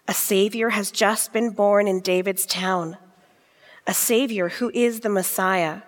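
Woman reader for a church Christmas story, slow and gentle, long hall reverb. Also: mid-range voice, fairly even intonation. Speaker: scripture storyteller. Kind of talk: reading a nativity story.

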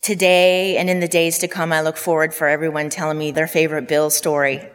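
A woman in her fifties from Newfoundland delivers a eulogy for her father. She speaks with a low voice, telling fond, heartfelt stories. The long reverb of a hall trails each word. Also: level tone, brisk, clean tone. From Newfoundland, Canada. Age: 50s. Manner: heartfelt storytelling with fond asides. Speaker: daughter giving a eulogy. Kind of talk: funeral eulogy. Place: funeral hall.

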